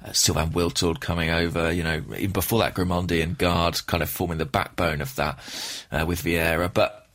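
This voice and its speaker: Deep-voiced british guy on a footy podcast, thoughtful, dry understated jokes. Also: little pitch movement, a little fast, few pauses, a bit bright. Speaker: podcast co-host. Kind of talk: casual chat.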